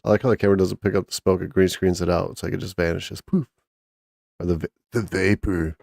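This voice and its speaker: Low gravelly dude rambling on a stream, crude jokes, mellow tone, dry sound. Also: male voice, no room sound. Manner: rambling, crude, joking, many restarts. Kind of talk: casual profane chat with chat and co-host.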